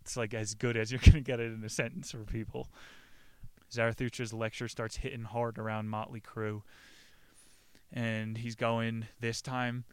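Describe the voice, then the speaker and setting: A man's voice: on the low side, completely flat delivery, normal speed, a little mellow, clean tone, no echo. A man giving a casual, profane book recap, often laughing at his own jokes. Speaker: book summarizer.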